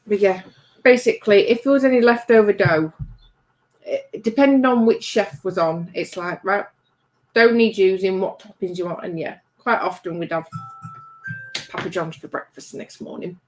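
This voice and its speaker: A woman's voice: medium pitch, normal speed, darkish tone, soft background music. A woman co-hosting a casual livestream, chatting and reading out viewer comments with a teasing manner. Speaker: livestream co-host reading chat. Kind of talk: casual chat.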